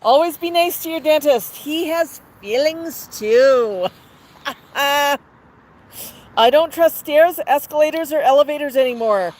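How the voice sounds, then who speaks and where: A woman's voice: high voice, a little slow, a little mellow, rough recording. A woman hosting a live stream outdoors with her parrot, chatting, telling jokes and laughing. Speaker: livestream host with her parrot. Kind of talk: casual chat with joke telling. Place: outdoor patio. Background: faint street traffic.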